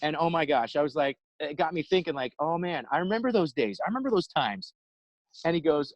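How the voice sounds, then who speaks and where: A man giving an inspirational talk over a video call, telling a story with lively acted-out quotes. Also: on the high side, a little fast, no room sound, poor audio. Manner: animated storyteller, acts out quotes. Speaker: inspirational speaker.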